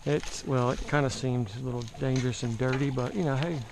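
A man's voice: medium pitch, steady tone, fairly quick, background noise. A man from the Southern US with a mild Southern accent, chatting casually to the camera as he rides a bicycle outdoors, rambling and poking fun at himself. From Southern United States. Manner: rambling, chatty, self-mocking. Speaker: travel vlogger.

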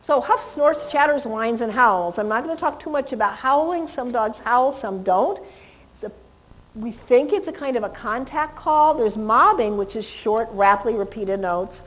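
A middle-aged woman lectures on dog behavior in a chatty, laughing way, slipping into quick voices for dogs and owners. Her voice sits a little high for a woman. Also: expressive, a bit bright, rough recording.

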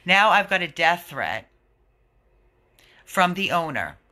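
Indignant man with a bright, sharp voice. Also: high voice, very animated, slow pace. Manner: indignant, earnest pleading. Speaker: animal rescue owner. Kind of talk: video update to followers.

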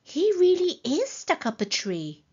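A woman voicing excited small elephant companions with squeaky, eager exclamations. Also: measured pace, lo-fi sound, heavily acted.

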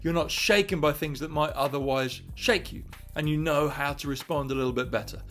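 Church guy telling a bible story, voice a bit high, gets loud then quiet. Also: brisk, soft background music. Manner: animated, swings between quiet and loud. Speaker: church leader.

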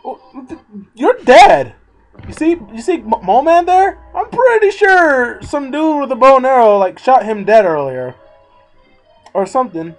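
A man's voice: very high voice, big pitch swings, normal speed, faint music behind, rough recording. A man hosting a let's play, giving casual, sarcastic gameplay commentary and swearing freely.

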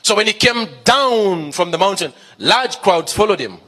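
A man's voice: sits high, animated, moderate pace, bright, forceful tone. A male pastor preaching a sermon, emphatic, repeating key phrases and asking the congregation questions.

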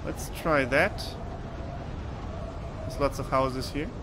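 A man's voice: medium pitch, slow, noisy background. A man giving casual gameplay commentary, swearing and muttering to himself as he plays. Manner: casual, swearing, laughing outbursts. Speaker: gamer.

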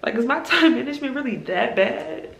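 A woman's voice: sits high, expressive, fairly quick, vocal fry, a bit bright. A woman, venting in a casual vlog about being exhausted before a trip. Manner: tired, venting and exasperated. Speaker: vlogger and hairstylist. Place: in a car, then at home. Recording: noisy phone recording.

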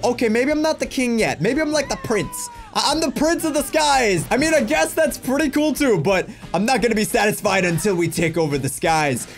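A young man commentates on a game with excitable, joking energy, chatting straight to his viewers. His voice sits high and leaps up and down constantly. Light music plays faintly underneath. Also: fairly quick, hardly any pauses. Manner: excitable, jokey, addresses viewers as guys. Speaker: gaming YouTuber. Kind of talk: energetic let's-play commentary.

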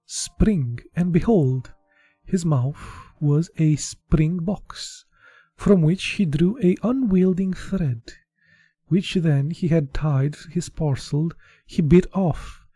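A man's voice: fairly high pitch, animated, slow, warm tone, breathy edge, dry recording, soft background music. A man from Eastern Europe doing a casual, unpolished live reading of a book, with slips and restarts. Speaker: audiobook reader.

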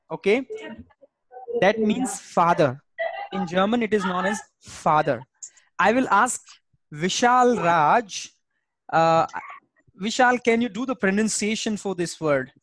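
A language teacher leads an online class over a video call. The teacher speaks at a slow, unhurried pace and patiently repeats each word aloud. The sound is dry and close, with almost no room echo. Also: mid-range voice, a bit bright. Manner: patient, repetitive pronunciation drilling.

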